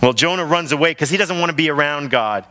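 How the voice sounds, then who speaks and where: A man preaching a sermon as pastor of his church, telling the story in an animated way and acting out the voices. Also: on the high side, quick pace. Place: large church hall. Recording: long hall reverb.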